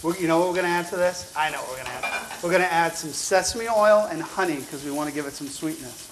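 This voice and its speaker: A man's voice: on the high side, fast, noisy background. A man hosting a cooking show, giving upbeat, chatty step-by-step instructions with an encouraging, teasing manner. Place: show kitchen at the stove.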